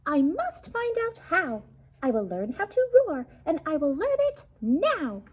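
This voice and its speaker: A woman voicing a tiny, timid male mouse with a high, squeaky voice in a read-aloud storybook. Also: wildly swooping pitch, a little slow, a little mellow, full character voice. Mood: eager.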